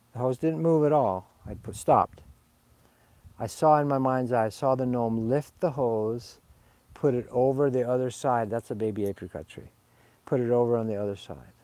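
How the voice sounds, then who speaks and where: A man's voice: mid-range voice, warm tone, no echo. A man from Sweden, slightly tipsy, talking in a rambling, confessional way outdoors in a garden, drifting from one story to the next. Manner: meandering, digressive, confessional. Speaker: spiritual vlogger. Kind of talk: rambling casual monologue. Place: outdoors in a garden under a fruit tree.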